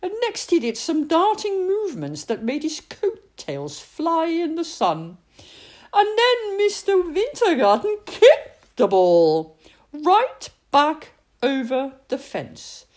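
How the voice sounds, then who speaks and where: A woman reading a picture book aloud, expressive, with dramatic pauses. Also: high-pitched. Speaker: storyteller.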